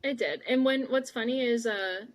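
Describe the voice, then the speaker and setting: A woman's voice: a little high, normal speed, no echo. A woman co-hosting a podcast in casual chat, full of "like" fillers, on a video call. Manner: chatty, many "like" fillers. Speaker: podcast co-host.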